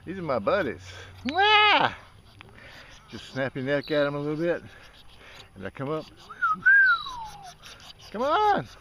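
A man's voice: a little high, animated, fast, very noisy. A man filming outdoors by a pond, chatting and coaxing ducks in a playful, teasing way. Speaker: vlogger. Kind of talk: casual talk to animals while filming.

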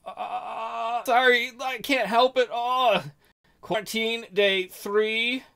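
Guy rambling through a game, swears nonstop, high bright voice, soft music under it. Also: fairly even intonation, slow, gravelly, clean tone. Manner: profane, rambling, joking. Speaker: gaming video host. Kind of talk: let's play commentary.

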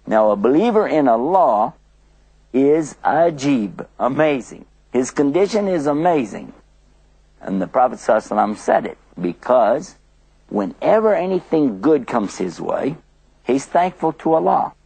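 An older man preaching to children, telling lively stories and acting out little scenes in different voices. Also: medium pitch, normal speed, gravelly, breathy edge, no echo, low-quality recording. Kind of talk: children's religious storytelling lecture.

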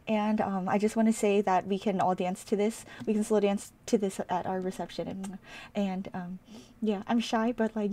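A woman's voice: mid-range voice, a little mellow. A woman hosting a casual fan reaction vlog, gushing and giving playful mock speeches with some swearing. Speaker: reaction video host.

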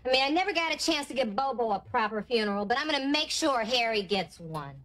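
A woman acting in a sitcom, making blunt, deadpan remarks. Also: on the high side, fast. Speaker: sitcom roommate character. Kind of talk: sitcom acting before a live audience. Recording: TV sitcom audio with background noise.

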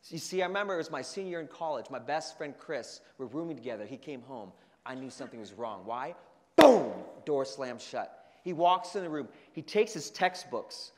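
A man giving an energetic motivational talk to a student leadership conference, telling stories and acting out the voices. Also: mid-range voice, fairly quick. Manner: energetic storytelling with acted-out voices. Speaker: keynote speaker. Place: large conference hall. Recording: long hall reverb.

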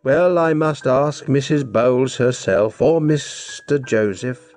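A man voicing an earnest village priest who speaks in a measured, concerned way. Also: mid-range voice, darkish tone, soft background music, close to an everyday voice. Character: older male village priest, earnest and brisk.

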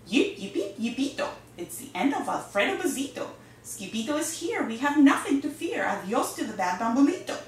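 A woman voicing a big gruff chihuahua gang leader, growling and solemn, in a storybook read-aloud. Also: high-pitched, very animated, a little fast, few pauses, a little hiss or hum. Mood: proud. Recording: echoey room, distant mic.

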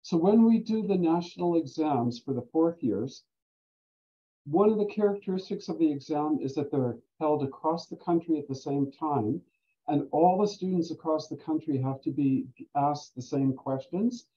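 An older man telling stories in casual talk as a guest speaker, animated and quick to laugh. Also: on the high side. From Canada. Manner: animated storyteller who laughs often. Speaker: guest speaker, volunteer standardized patient. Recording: dull lo-fi recording.

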